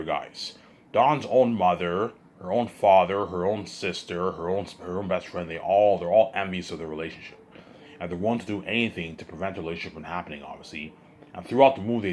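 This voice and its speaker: A tired man vlogging to his viewers in a rambling monologue, repeating himself, stumbling over restarts and swearing. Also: deep voice.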